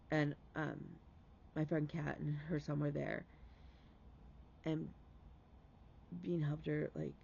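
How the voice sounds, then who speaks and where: A man's voice: a little high, vocal fry, warm tone, dull audio, a little hiss or hum. A man hosting a stitching vlog, telling a heartfelt story in casual chat and dropping to a whisper for emphasis.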